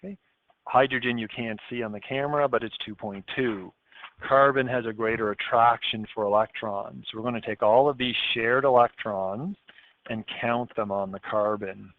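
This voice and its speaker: A man's voice: medium pitch, fairly even intonation, moderate pace. A male chemistry teacher giving a recorded lesson, explaining step by step and checking in often with "okay?". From Canada. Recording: dry, tinny phone-like audio.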